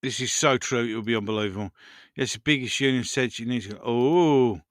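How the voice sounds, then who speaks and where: Man, stream host, rambling casual chat, medium pitch, dry close sound. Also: fairly quick, dry recording. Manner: rambling, chatty, talks to his cats between comments. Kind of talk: casual live chat reading viewer comments.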